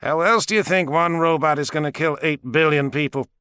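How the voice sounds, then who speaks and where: A man's voice: a little high, brisk, pushed and bright, smooth, no room sound, voice pushed up. An actor reading a cold, powerful male president who lectures in a dry, matter-of-fact way. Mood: cool, detached.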